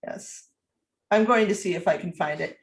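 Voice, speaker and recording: A woman co-hosting a podcast, chatting casually and recapping a film in a hesitant, unhurried way. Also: fairly low pitch. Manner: unhurried, hesitant, with fillers and little laughs. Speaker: podcast co-host. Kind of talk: casual movie recap chat.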